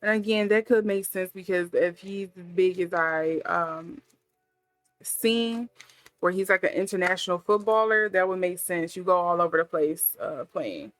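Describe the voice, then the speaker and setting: A woman's voice: on the low side, normal speed, no room sound. A woman giving a casual intuitive tarot reading, musing aloud with many fillers as she thinks. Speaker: tarot reader.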